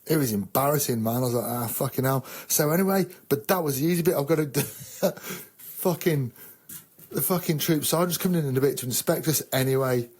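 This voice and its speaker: An English army veteran telling a rambling, profane, self-mocking story in casual chat. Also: male voice, mid-range voice, a little fast, a little mellow, slightly rough. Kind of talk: casual sweary anecdote.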